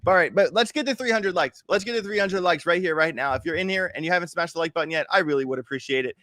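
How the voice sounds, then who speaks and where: A man's voice: fairly high pitch, fast, pushed and bright, no room sound, studio quality. A man hosting a casual crypto trading livestream, walking viewers through charts in a chatty, hyped, joking way. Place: home, in Miami.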